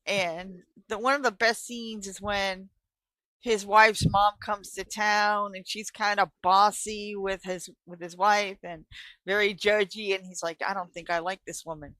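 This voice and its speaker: A woman's voice: medium pitch, steady tone, unhurried, sharp tone, no echo, poor audio. A woman co-hosting a casual live stream chat from home, telling stories and swearing freely. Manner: chatty storyteller, swears freely. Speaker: co-host. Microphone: live stream call.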